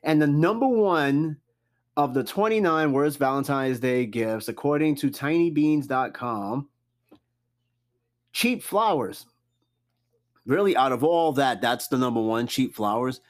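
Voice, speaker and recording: A man hosting a casual solo podcast, reading out a list and reacting with loud, profane, joking comments. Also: mid-range voice, moderate pace. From New York. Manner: animated, cussing, jokey reactions to a list. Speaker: podcast host.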